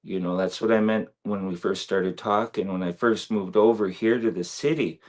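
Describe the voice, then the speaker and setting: A man's voice: low-pitched, darkish tone. A man talking earnestly and reflectively as a guest on a video-call interview, with many fillers. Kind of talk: casual interview talk.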